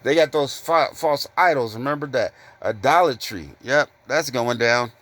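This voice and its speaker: A man preaching informally from scripture, confronting listeners with blunt rhetorical questions and reading verses slowly. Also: medium pitch, a bit bright, no room sound. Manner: repeated rhetorical questions, "guess what?"; reads verses slowly and deliberately.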